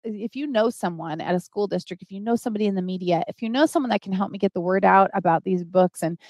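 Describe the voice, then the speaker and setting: A woman's voice: medium pitch, fast talker, a little mellow, no room sound, studio quality. A middle-aged woman hosting a live stream, earnestly pleading with viewers for help and greeting them by name as she talks.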